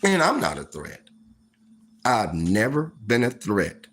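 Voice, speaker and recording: A man telling a story in a casual monologue, profane and animated, full of fillers like "like" and "you know.". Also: on the low side, slow. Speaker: storytime vlogger.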